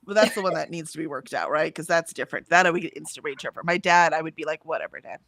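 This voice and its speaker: A woman's voice: deep voice, fast talker, a bit bright, no echo. A woman co-hosting a casual livestream, chatting emphatically, laughing easily, and reading out viewer comments. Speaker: livestream co-host.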